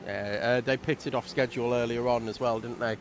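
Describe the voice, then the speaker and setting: A man doing relaxed, chatty commentary on a live race stream, explaining things at length. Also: medium pitch, a little fast, a little hiss or hum.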